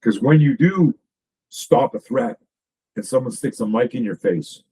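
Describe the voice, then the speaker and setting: A man's voice: medium pitch, animated, unhurried, mellow, husky, rough recording. A man, a self-defense coach, talking as a guest in a casual podcast conversation, emphatic and profane, piling up stories and restarting sentences.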